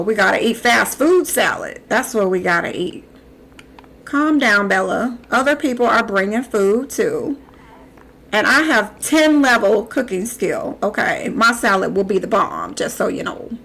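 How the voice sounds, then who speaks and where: Young woman streaming a game live, kinda high voice w some fry, chats back at the characters. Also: a little slow, fairly bright tone. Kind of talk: live gameplay commentary.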